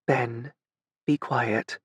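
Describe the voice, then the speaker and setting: Terse commanding woman, read by a male narrator, hushed clipped lines, dry booth sound. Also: mid-range voice, fairly even intonation, drawn-out words, breathy edge, no echo, full character voice. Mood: urgent. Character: fierce immortal woman, terse, commanding, grieving. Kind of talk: audiobook character reading.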